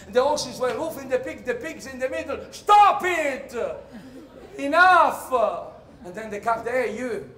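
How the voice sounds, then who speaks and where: A man with an Italian accent performing a comic theatre monologue in English, storytelling animatedly with sudden shouted cries. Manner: animated storyteller, bursts into high shouted cries, laughs through lines. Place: theatre stage. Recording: roomy hall echo.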